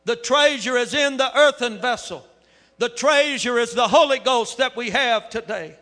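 A man preaching a sermon with fervor, his voice building up to shouts. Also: very high-pitched, moderate pace. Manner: fervent, rising to shouts. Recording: echoey hall with long reverb.

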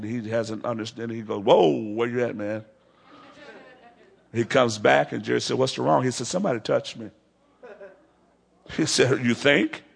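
Gravelly preacher telling a story. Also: male voice, medium pitch. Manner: dramatic storytelling preacher, acting out dialogue. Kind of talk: revival sermon. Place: large crusade gathering.

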